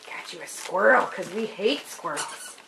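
A woman's voice: medium pitch, animated, a little slow, creaky, pushed and bright, a little hiss or hum. A woman talking to her dog in a coaxing, sing-song way while filming a home video indoors. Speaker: dog owner.

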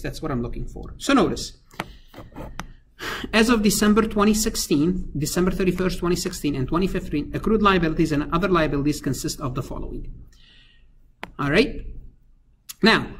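A man's voice: on the high side, a little hiss or hum. A male accounting lecturer talking through figures step by step, with many fillers and restarts as he thinks aloud. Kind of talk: recorded screen-capture lecture.

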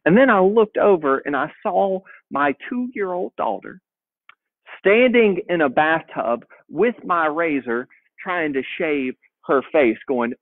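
Pastor with a tinny phone-like sound. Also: male voice, on the high side, lively intonation, takes it slowly, dry recording. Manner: conversational, folksy, frequent word repeats. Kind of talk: storytelling sermon.

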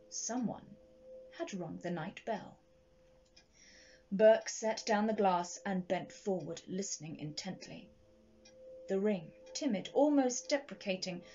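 A woman from Sheffield narrates a classic ghost story in a measured, dramatic way. Her voice sits in a middling register. The recording is slightly dull, with a faint hiss behind it. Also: medium pitch, a little mellow. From Sheffield, England.

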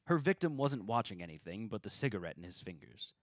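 A man's voice: on the low side, very animated, quick pace, no echo. A man reading the narration at a tabletop game table read and joking with the other players.

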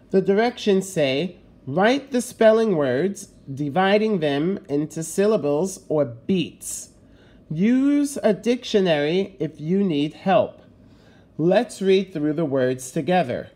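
A male teacher talking his pupils through an exercise at an unhurried pace. His voice is warm and mellow, and he explains each step patiently. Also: a little high, lively intonation. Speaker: grade 5 teacher. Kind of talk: recorded classroom lesson.

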